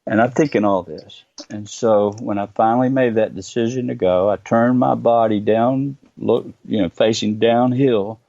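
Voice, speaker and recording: A middle-aged man, telling his own story as a guest in earnest, halting bursts with many pauses. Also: on the low side, fairly even intonation, gravelly, warm tone, lo-fi sound. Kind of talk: personal storytelling interview.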